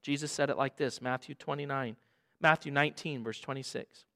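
A man preaching a sermon as a pastor, dramatic and emphatic, dropping to a hush and rising again, repeating phrases for emphasis. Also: medium pitch, fairly even intonation, fairly quick. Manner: dramatic, swings from hushed to loud emphasis.

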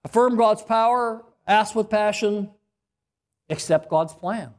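A man preaching a sermon as pastor, earnest, repeating phrases and often clearing his throat. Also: high-pitched, slow pace, darkish tone.

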